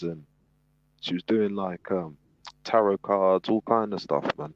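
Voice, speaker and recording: A man telling a story in casual chat, animated and acting out the people in it, on a dull lo-fi recording. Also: fairly low pitch, unhurried, no room sound. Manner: animated storyteller, acts out quotes. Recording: dull lo-fi sound.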